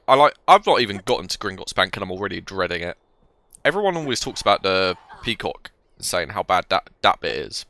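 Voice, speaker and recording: A young man who hosts a gaming channel rambles casually through a let's-play, talking to the game while slightly ill with a cold and coughing. His voice sits low, pushed and bright, with no echo.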